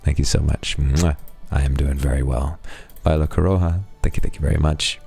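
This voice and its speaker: A man's voice: a bass voice, fairly even intonation, brisk, vocal fry, darkish tone, husky, faint music behind. A young man streaming live, thanking donors and chatting frankly and playfully with his audience. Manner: frank, teasing banter with chat. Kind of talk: casual live-stream chat.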